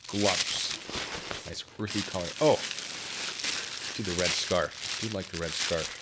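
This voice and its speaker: A man packs care kits while chatting casually on a live stream, joking with viewers and teasing himself. His voice is low-pitched and a little slow, and the recording is very noisy.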